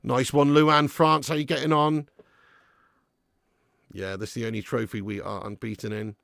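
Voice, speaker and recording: A man's voice: medium pitch, level tone, normal speed, creaky, a bit bright, no room sound, studio quality. A man hosting a live football watch-along, chatting and bantering with viewers. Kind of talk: live casual match commentary and chat.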